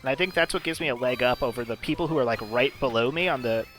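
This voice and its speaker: A man commentating a puzzle game match in a loose, chatty way, with soft music playing behind him. He explains strategy in a relaxed flow, stopping for "like" and small restarts. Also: medium pitch, quick pace. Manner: chatty, explanatory, filler-heavy. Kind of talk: casual esports commentary.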